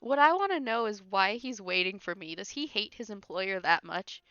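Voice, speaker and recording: A woman's voice: mid-range voice, animated, moderate pace, sharp tone, smooth, no room sound. A woman streamer giving casual gameplay commentary, laughing often and making sarcastic, teasing remarks. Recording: dull lo-fi stream audio with faint game music.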